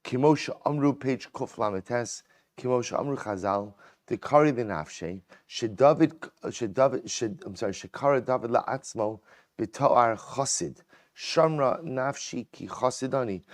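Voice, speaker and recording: A man, a rabbi, giving a Torah lecture in an animated way, often repeating words as he explains texts. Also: mid-range voice, moderate pace, no echo, clean studio sound. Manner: animated, repeats words, mixes Hebrew and English. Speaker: rabbi teaching Talmud.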